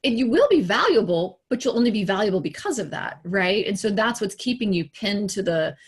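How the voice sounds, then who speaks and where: This executive coach addresses the camera in a motivational talk, her medium-pitched voice a touch husky and breathy, her pace brisk. Lively and conversational, she poses rhetorical questions and slips into livelier voices to act out the remarks she quotes.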